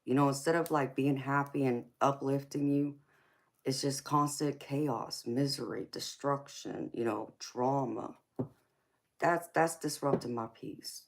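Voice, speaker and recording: A woman's voice: extremely low pitch, fairly even intonation, a little slow. A woman, tired from little sleep, hosting a tarot livestream and talking affectionately with viewers, calling them honey and girlfriend. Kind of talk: casual livestream chat.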